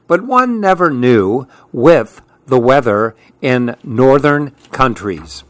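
A man hosting a radio children's story hour, reading picture books aloud in a gentle, friendly manner. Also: medium pitch, big pitch swings, slow, hardly any pauses, dry recording.

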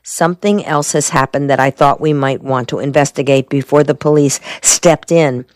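Man reading as a calm, shrewd defense lawyer in an audiobook, low and measured. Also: no room sound, studio quality, lightly acted.

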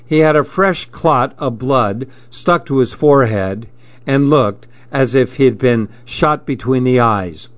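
A man narrating a story in a measured, steady reading voice, in a dull lo-fi recording. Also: medium pitch, no room sound.

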